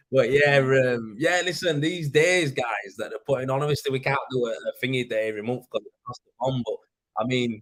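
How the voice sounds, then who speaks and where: Here's a man with a Yorkshire accent running a laid-back livestream, going over viewers' comments with chatty rambling, filler words and cursing. Pitch is medium, speed is normal, and the tone is a touch bright. His desk mic is plugged in, and the recording quality is poor.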